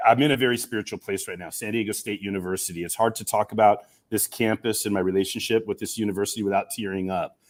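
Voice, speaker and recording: A middle-aged man, a guest on a video call from a campus room, telling his story in an earnest, emotional, animated way. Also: lowish voice, fast talker, hardly any pauses. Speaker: guest, communication professor and coach. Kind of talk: storytelling in an interview.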